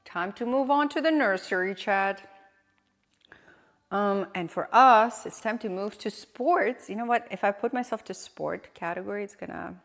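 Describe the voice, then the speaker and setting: A woman's voice: medium pitch, unhurried, in a large hall. A woman streamer chatting casually, rambling and asking questions as she reacts to clips. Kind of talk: casual live-stream chat.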